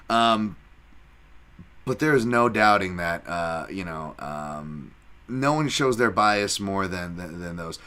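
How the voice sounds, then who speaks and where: Bright, rambling, profane male fight podcaster. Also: sits low. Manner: rambling, profane, self-mocking asides. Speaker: podcast host and fight analyst. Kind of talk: casual fight breakdown chat.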